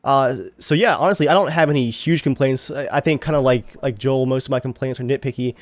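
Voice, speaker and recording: A man's voice: mid-range voice, fast talker, dry recording. A man co-hosting a gaming podcast, talking in an easygoing, self-deprecating way. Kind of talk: casual podcast chat.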